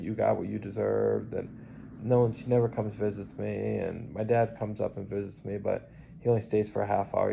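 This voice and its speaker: A man's voice: lowish voice, vocal fry. A man rambling through an agitated personal monologue, swearing now and then. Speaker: vlogger. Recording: lo-fi recording with faint hiss.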